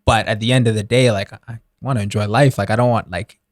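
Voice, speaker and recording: A young man talks on a podcast in a casual, excited way, dropping "like" into nearly every sentence. His voice sits a little low. The sound is close and dry, with no room around it. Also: fast talker, dry recording. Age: young adult. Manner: enthusiastic, filler-heavy, says "like" a lot. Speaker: guest, real estate investor.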